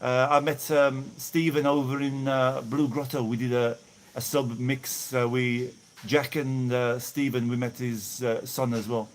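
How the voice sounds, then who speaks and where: Speaking at a measured pace with a flat delivery and medium pitch, a middle-aged Englishman with a Birmingham accent reads out viewer messages on a casual live stream. He thanks viewers by name while outdoors in hot weather, with slight background noise.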